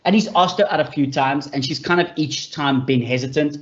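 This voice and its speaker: A man giving a talk for leaders, explaining ideas and telling stories in an animated way, repeating his key points and addressing his listeners as friends. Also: on the high side, brisk. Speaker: speaker on mental health for leaders. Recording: dull lo-fi sound.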